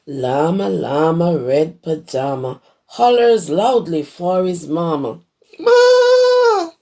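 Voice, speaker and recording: A hoarse woman who teaches preschool, reading a picture book aloud to young children and stopping to explain words. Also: sits low, warm tone. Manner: explains words to small children as she reads. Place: her home.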